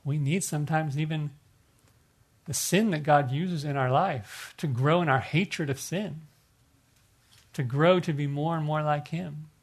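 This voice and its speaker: A man's voice: on the high side, measured pace. A middle-aged male pastor preaching a sermon in an earnest, conversational way, often restarting his phrases.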